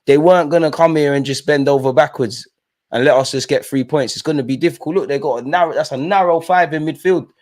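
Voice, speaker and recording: This young man's voice runs on the high side and moves quickly as he hosts a live football watch-along. He commentates loosely with slang and yells at the ref.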